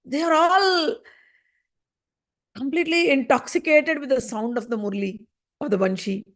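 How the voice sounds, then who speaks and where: A woman teaching a scripture lesson, telling the story in an animated way and acting out the voices in it. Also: high-pitched, moderate pace.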